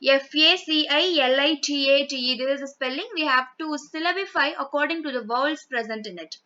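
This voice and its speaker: Woman teacher, patient step-by-step grammar lecture, sharp bright tone. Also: high-pitched, a little fast. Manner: explains step by step with frequent "okay" and spelled-out examples. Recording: dull lo-fi sound.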